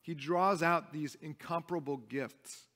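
A man's voice: fairly high pitch, fairly even intonation, unhurried, a bit bright. A young adult man preaching a sermon as pastor, earnest and emphatic, often restarting his phrases. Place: church sanctuary. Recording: long reverb of a church hall.

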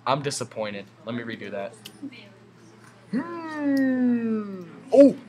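A young man doing goofy gameplay commentary, muttering asides and then breaking into high excited yells. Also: normal speed.

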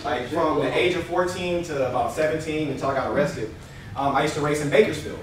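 A man from Los Angeles doing a stand-up comedy set, animated and blunt, laughing as he tells his stories. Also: a little high, brisk, slight background noise. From Los Angeles area. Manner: animated, laughs through lines, blunt and profane. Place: small late-night convention comedy room. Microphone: no microphone, heard from a distance. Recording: echoey room from far off with crowd. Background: live audience laughing and calling out.

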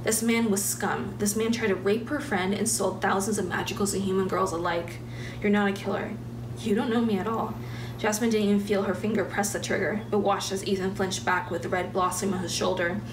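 A woman reading her own fiction aloud at a steady pace with small restarts, in a roomy, distant recording with background noise. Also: medium pitch, a little fast, few pauses. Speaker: graduating writer.

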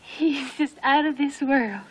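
An actress playing a lovestruck young daughter with a breathless, giggly manner. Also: female voice, high-pitched, slow. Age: young adult. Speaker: daughter and shop clerk. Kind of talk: film drama acting.

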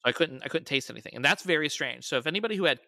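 Male podcast guest with a bright, dry voice who tells stories and acts out the quotes. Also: on the high side, lively intonation, very fast, creaky, no room sound. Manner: storytelling, raises his voice to quote people. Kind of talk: casual podcast conversation.

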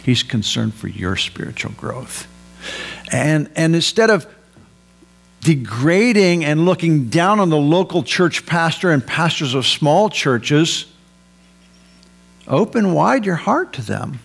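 A man preaches from the pulpit with a high voice and a gravelly edge. He pushes hard on key points and drops low for asides. A faint hum runs behind him. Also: lively intonation, takes it slowly. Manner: emphatic preaching, rising for stress and dropping low for asides. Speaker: pastor. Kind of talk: sermon.

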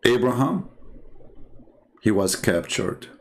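Male host, Arabic accent, native Arabic speaker, mocking and rambling livestream commentary, highly animated pitch. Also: slow. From Middle East. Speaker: channel host and religion critic.

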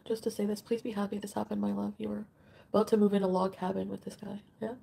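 A woman on a live stream, reading viewer comments aloud. Her voice is gravelly and husky, and she talks in an emotional, unfiltered way with plenty of swearing. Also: mid-range voice, flat delivery, quick pace, warm tone.

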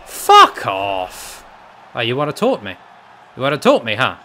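Sweary, animated male gaming streamer. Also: medium pitch, fast talker, slight background noise. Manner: swearing, ranting at the game. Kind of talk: live gameplay commentary.

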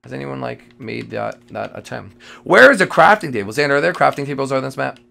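A man narrating his own gameplay live, jumpy and excitable, repeating himself and bursting out loud without warning. His voice has a heavy gravelly fry, at an ordinary middle pitch for a man. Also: brisk. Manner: jittery and excitable, repeating phrases, with sudden loud outbursts. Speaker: gamer playing a multiplayer survival match. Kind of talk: live gaming commentary.

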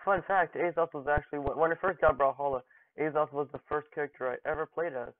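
A man's voice: a little high, fairly even intonation, fast, no echo. A young man commentating casually over his gameplay, joking and taunting opponents in mock-dramatic lines. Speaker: gaming channel host. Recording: dry, phone-like narrow audio.

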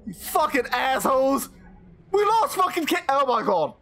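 High-voiced swearing game commentator. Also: big pitch swings, normal speed, pushed and bright. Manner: profane, emotional outbursts. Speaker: gaming commentator. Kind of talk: let's play commentary.

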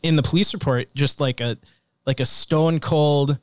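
A man's voice: a little high, steady tone, moderate pace, no echo, clean studio sound. A man co-hosting a true-crime podcast, reflecting aloud on the case. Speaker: podcast co-host. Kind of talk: investigative podcast interview.

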